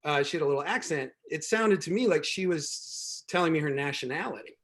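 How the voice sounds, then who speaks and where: Male comedian, host, wry and rambling, many ums, somewhat high voice, video call sound. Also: animated, brisk, a bit bright. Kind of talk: stand-up comedy set.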